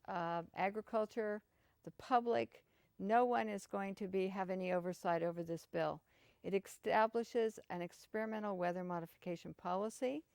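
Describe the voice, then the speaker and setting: A woman guest explaining her concerns in an earnest, steady interview style. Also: medium pitch, vocal fry, smooth, dry recording. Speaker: guest activist. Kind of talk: interview answers.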